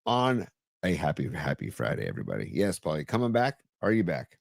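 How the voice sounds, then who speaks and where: A man co-hosting a live-streamed podcast, chatting casually and warmly thanking viewers by name. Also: fairly low pitch, sing-song, a little fast, gravelly, no echo, clean studio sound. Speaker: podcast co-host.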